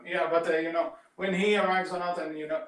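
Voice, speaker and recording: A man's voice: a little high, little pitch movement, a little fast, fairly bright tone, reverberant. A man co-hosting a podcast, eagerly retelling movie scenes at length in casual discussion. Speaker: podcast co-host.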